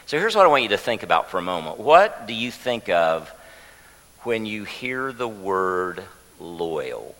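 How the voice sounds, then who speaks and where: A man's voice: on the low side, sing-song, unhurried, big-room sound, low-quality recording. A man preaching a sermon as pastor, teaching with light jokes and getting the congregation to repeat a word with him. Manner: warm, joking teacher leading the congregation. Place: church sanctuary.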